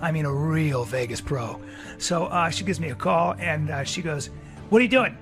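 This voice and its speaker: A man telling a crude, excitable story on a podcast, acting out the voices of the people in it. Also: a little high, moderate pace, faint music behind.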